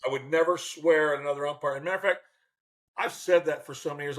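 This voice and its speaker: A man in his sixties, an interview guest telling lively stories and acting out the people in them. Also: on the high side, fast, poor audio. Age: 60s. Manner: animated, acts out quotes. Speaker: guest, former baseball manager. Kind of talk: interview storytelling.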